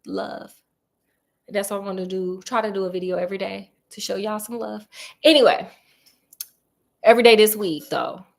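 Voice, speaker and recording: A woman's voice: mid-range voice, normal speed, vocal fry, long pauses. A woman casually retelling a classic detective story in a chatty, slangy, joking way, often interrupting herself.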